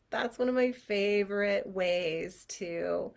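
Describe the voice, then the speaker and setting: Casting note: woman clairvoyant teacher, casual and animated, tosses in playful sound effects. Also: on the low side, slow pace, creaky, hardly any pauses. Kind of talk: casual online class.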